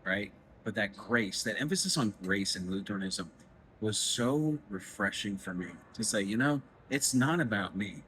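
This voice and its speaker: Earnest man with a low voice. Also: animated, moderate pace, slight background noise, poor audio. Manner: earnest, agreeable, softly emotional. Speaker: podcast host. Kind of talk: casual interview chat. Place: festival booth, indoors.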